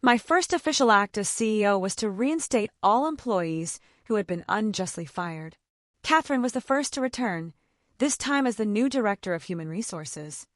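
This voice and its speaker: A woman's voice: mid-range voice, animated, normal speed, dry recording, clean studio sound. A woman narrating a dramatic first-person story in a scripted style.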